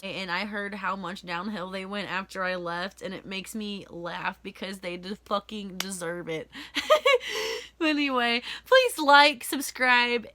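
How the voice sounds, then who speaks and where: A woman's voice: mid-range voice, sharp tone. A young woman telling a story-time vlog, heated and ranting with lots of swearing. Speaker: vlogger.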